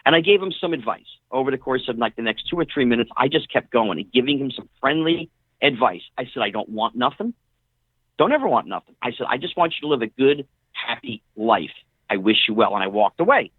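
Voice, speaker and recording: A middle-aged man, a guest on an interview show, telling casual stories in an animated way and acting out what other people said. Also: medium pitch, fast talker, slightly rough, dry recording. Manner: animated storyteller who acts out quoted dialogue. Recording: tinny phone-line audio, dry.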